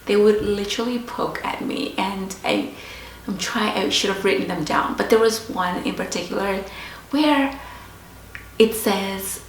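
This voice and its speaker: A woman host sharing a personal story in a slow, reflective, confessional way. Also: medium pitch. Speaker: podcast host. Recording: roomy echo with faint background hiss.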